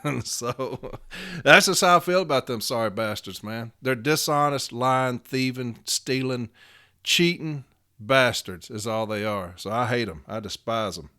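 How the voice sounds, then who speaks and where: A man talks through a casual solo podcast in a smooth, resonant voice of middle pitch. He tells his stories bluntly, swears freely and chuckles as he goes. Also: moderate pace, sharp tone. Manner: blunt, profane storyteller who often chuckles. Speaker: union advocate and podcast host.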